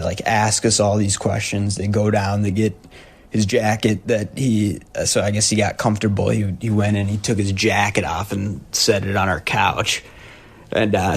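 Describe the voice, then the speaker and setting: A young man telling a personal story in a halting way, with nervous laughs. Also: on the low side, vocal fry, breathy edge.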